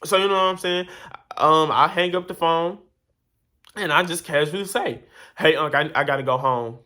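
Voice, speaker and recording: Bright-voiced man rambling through a story. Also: a little high, normal speed. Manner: rambling, animated, exasperated retelling with many asides. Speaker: vlogger telling a story. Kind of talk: casual storytime monologue.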